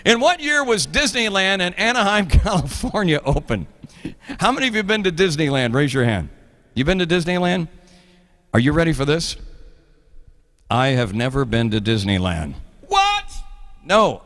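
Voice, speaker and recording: A man's voice: fairly high pitch, fairly bright tone, big-room sound. A man in his fifties hosting a live trivia show in a playful, jokey, rambling way. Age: 50s.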